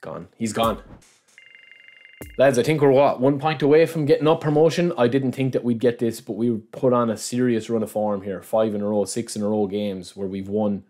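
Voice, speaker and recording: A man giving excitable live commentary on his own football video game, reacting aloud and calling his viewers lads. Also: medium pitch, normal speed. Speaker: gaming channel host. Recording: noisy game sound mix.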